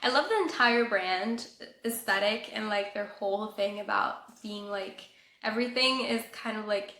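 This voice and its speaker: Young woman, from Colombia, casual beauty vlog, slightly nasal from a cold, lots of "like", vocal fry, echoey room. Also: medium pitch, moderate pace, fairly bright tone. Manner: chatty, says "like" often. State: recovering from a cold, a bit nasal. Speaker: beauty vlogger. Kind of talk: casual product review.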